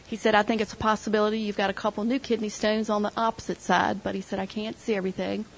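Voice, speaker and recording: A woman's voice: medium pitch, little pitch movement, fast, a little hiss or hum, rough recording. A middle-aged woman sharing an emotional personal testimony with her church group, retelling conversations as she goes. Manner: emotional storytelling, quoting others.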